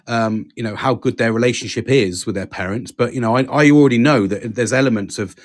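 A man hosts a casual podcast chat. He speaks earnestly at a middle pitch, restarting his sentences often and dropping in casual swearing. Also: a little fast. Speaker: podcast host.

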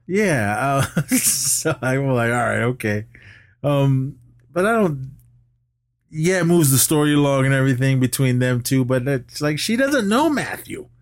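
In an animated retelling, a male podcast co-host casually recaps a movie plot and performs the characters' lines. He speaks at a measured pace in a mid-range voice, and the recording is dry and studio quality.

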